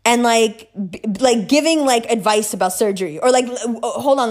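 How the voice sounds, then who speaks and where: A woman's voice: on the high side, moderate pace, few pauses. A young woman ranting casually to camera, profane and emphatic with lots of fillers. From South Asian heritage. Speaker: astrology YouTuber.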